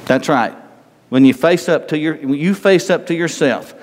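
A man's voice: on the high side, moderate pace, darkish tone. An older man preaching a sermon as pastor, emphatic and repetitive, asking the congregation rhetorical questions. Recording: long reverb of a large hall.

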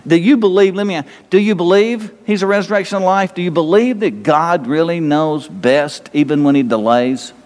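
A man's voice: a little high, moderate pace, darkish tone, long reverb tail. A man preaching a sermon, emphatic and rambling, pressing his listeners with repeated questions. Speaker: pastor.

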